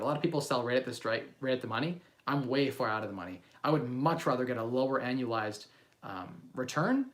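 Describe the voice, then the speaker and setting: A man's voice: medium pitch, a bit bright. A man in his thirties from Canada, casually chatting on a livestream about investing and answering viewer questions in a loose, rambling way with frequent ums and restarts.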